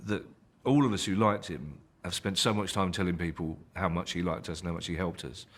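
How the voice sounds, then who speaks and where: A man giving a measured, admiring reflection as a documentary contributor in an interview. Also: low-pitched, fairly bright tone.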